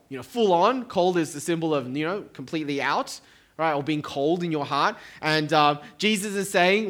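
A middle-aged man preaching in church, his voice sitting fairly high for a man. He keeps it conversational, with joking asides to the congregation. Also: fairly bright tone. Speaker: pastor. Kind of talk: sermon. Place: church hall.

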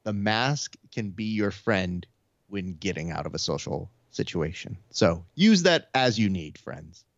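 A man with a lowish voice chats casually on a podcast. He tells profane stories and slips into quoted voices of friends. The audio sounds dry and dull. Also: lively intonation, a little slow, dry recording. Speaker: podcast co-host. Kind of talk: casual chat.

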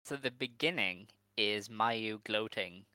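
Blunt, bright-voiced male co-host. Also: lowish voice, takes it slowly, no echo. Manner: blunt, laughing recaps. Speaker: podcast co-host. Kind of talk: casual chat.

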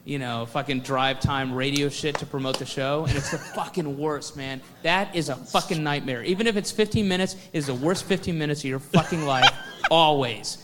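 Stand-up comic guy ranting and swearing, highish bright voice, lots of hall echo. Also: moderate pace, few pauses, a little hiss or hum. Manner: profane ranting with laughs. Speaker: stand-up comedian. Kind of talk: stand-up routine. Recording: stand-up clip with long hall reverb.

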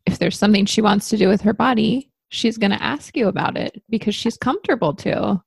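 Gravelly, husky woman in earnest chat. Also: medium pitch, a little fast, dry recording. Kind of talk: casual chat.

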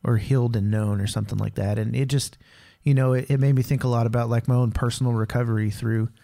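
A man's voice: medium pitch, steady tone, quick pace, creaky, mellow. A man co-hosting a casual faith podcast, talking candidly and rambling, with lots of fillers like "dude" and "man.". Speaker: podcast co-host.

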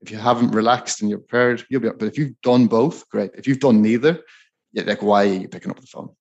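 A man co-hosting a podcast, giving sales advice in a relaxed, rambling, conversational way. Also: fairly low pitch, fast talker, creaky, muffled recording. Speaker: podcast co-host.

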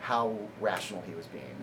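A man's voice: on the low side, animated, moderate pace, sharp tone, rough recording. A male comedian telling a rambling, casual story, laughing often and filling his speech with "like.". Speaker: comedian guest. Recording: audible background noise.

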